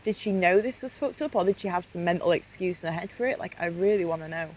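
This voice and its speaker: A woman's voice: lowish voice, fast, darkish tone. A woman vlogger giving casual, indignant commentary as she reads through chat logs. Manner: indignant, outraged, emphatic. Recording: slightly muffled home recording with faint hiss.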